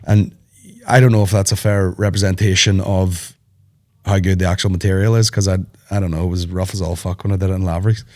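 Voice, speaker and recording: A man's voice: low voice, quick pace. Sweary man with a cold. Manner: sweary, animated storytelling, laughs often. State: sick with a cold. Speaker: comedian podcast host. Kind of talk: casual chat.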